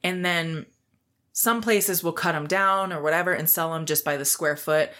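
A woman co-hosting a podcast chats casually, telling an animated story and acting out quoted lines in a raised voice. Her voice is lowish and her pace moderate.

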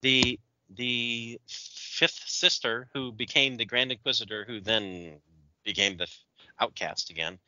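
A man's voice: mid-range voice, steady tone, unhurried, sharp tone, no echo, muffled recording. A man co-hosting a podcast in casual chat, opinionated and ranting. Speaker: podcast co-host.

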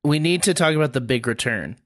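A man's voice: mid-range voice, lively intonation, fast talker. A man co-hosting a wrestling podcast, chatting casually and hesitantly with many restarts. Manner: hesitant, full of ums and restarts. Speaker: podcast co-host. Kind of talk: casual chat.

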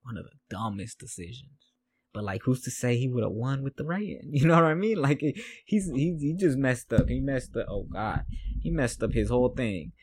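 A man's voice: mid-range voice, normal speed, darkish tone, slightly rough. A man hosting a podcast, recapping a fight in casual chat, rambling, repeating himself and laughing at his notes. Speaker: podcast host.

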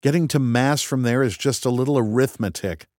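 A man's voice: mid-range voice, fairly quick, a little mellow, dry recording. A man reading a first-person audiobook in a dry, wry and methodical way. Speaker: audiobook narrator. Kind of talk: first-person scripted narration.

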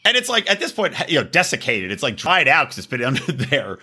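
Animated husky man telling a story. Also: fast talker. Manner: animated, laughing, jumps into high exclaims. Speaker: podcast host. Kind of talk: casual storytelling chat.

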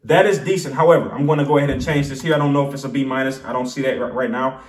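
A man's voice: medium pitch, steady tone, rapid-fire, far from the mic. A man hosting a casual penny stock analysis show, chatty and talking straight to viewers, often correcting himself. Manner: chatty, self-correcting, addresses viewers directly. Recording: roomy sound from off-mic.

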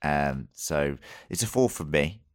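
A man's voice: very deep voice, expressive, a little slow, dry recording, clean studio sound. A man co-hosting a podcast, reviewing a TV episode in casual chat and rambling with many restarts and fillers.

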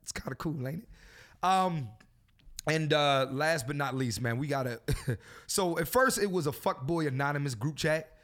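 A man's voice: on the high side, expressive, normal speed, a bit bright. A man hosting a casual podcast, talking in a profane, preachy and joking way. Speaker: podcast host.

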